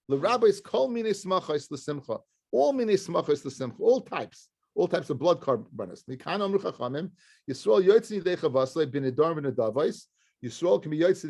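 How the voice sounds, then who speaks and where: A rabbi teaching a Talmud class in a slightly higher voice than most men. He asks questions and then answers them himself. He moves easily between English and Hebrew and Aramaic terms, with listeners present in the room. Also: darkish tone.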